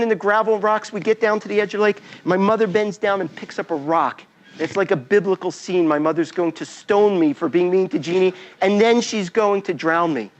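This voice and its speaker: A man giving a talk as a storyteller, acting out scenes and sounds as he goes. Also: high voice. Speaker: invited speaker.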